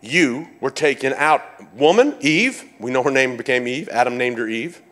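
A man preaching a sermon, animated, calling out to his congregation and repeating phrases for emphasis. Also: mid-range voice, moderate pace. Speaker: pastor.

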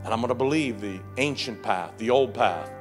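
Pastor preaching with call-and-response. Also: male voice, mid-range voice, brisk. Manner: repeats words, urges the congregation to respond. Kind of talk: sermon. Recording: faint music behind.

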